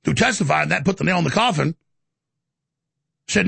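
A man's voice: high-pitched, lively intonation, fairly quick, gravelly, pauses often, fairly bright tone, husky, no echo. A man hosting a live call-in talk show, ranting about politics in a rambling way with stammering restarts. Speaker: talk show host taking calls.

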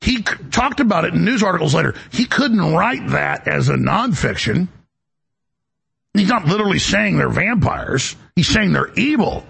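A man's voice: sits high, big pitch swings, moderate pace, gravelly, fairly bright tone, husky. A male talk show host delivering an emphatic, rambling political monologue, often repeating words as he goes.

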